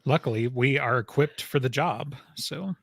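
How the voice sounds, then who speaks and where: A man co-hosting a casual podcast weighs his words in a measured, hedging way. His voice has a gravelly, fry-laden edge, and the sound is dry and close with no room around it. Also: medium pitch, no room sound. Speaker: podcast co-host.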